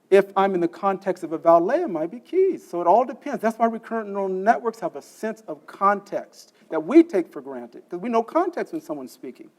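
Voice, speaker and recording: A man whose voice sits high and a little mellow gives a technical talk in a conference session room. His approach is step-by-step explanation, regular quizzing of listeners, and frequent "okay?" check-ins.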